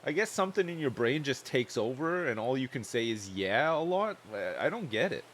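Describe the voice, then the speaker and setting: A man's voice: medium pitch, sing-song, a little fast, a little hiss or hum. A man chatting loosely and joking while livestreaming a game, rambling from one thought to the next. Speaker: streamer.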